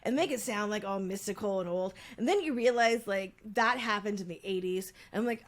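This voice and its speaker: A woman co-hosting a casual podcast, rambling through a story with plenty of ums and likes. Her pitch sits in the middle range for a woman. She tells it in a loose, chatty way. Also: fairly quick, few pauses. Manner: chatty storytelling, frequent fillers. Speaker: podcast co-host. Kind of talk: casual chat.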